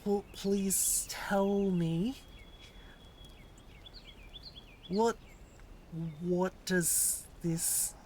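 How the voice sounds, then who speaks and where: Woman doing a British teacher, theatrical, teasing, put-on British accent, slow and drawn-out. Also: mid-range voice, fairly even intonation, warm tone, slight background noise. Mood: mock-formal. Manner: slow, drawn-out, mock-stern quizzing.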